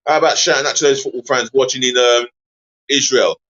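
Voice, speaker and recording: A man hosting a live football watch-along stream, chatty and easily exasperated, giving viewers shout-outs. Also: medium pitch, fairly even intonation, brisk, highs cut off.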